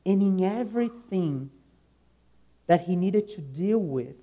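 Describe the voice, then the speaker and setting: A muffled recording captures a man preaching a sermon in a high, expressive voice. He speaks slowly and deliberately in a warm, mellow tone, earnestly emphasizing points, often repeating a key phrase and trailing off gently at the close of lines.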